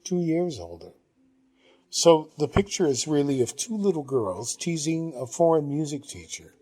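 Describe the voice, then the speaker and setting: A man reading a novel aloud, narrating in the first person at a measured pace. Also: on the high side, animated, dark tone, breathy edge. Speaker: audiobook reader.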